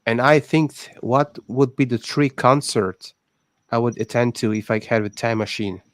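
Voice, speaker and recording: A young man talks casually, stopping and restarting his thoughts as he goes. His voice sits at an average pitch. The recording is dry and close, with no room sound. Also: no echo. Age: 20s. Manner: halting, with many restarts and fillers. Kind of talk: casual chat.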